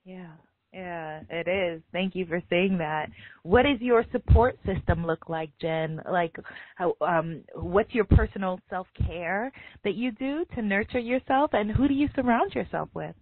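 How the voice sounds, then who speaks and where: A woman's voice: fairly low pitch, a little slow, no echo. Encouraging woman host on a phone line. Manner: encouraging, affirming, chatty. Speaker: podcast host. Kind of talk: podcast interview. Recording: tinny phone line, dry.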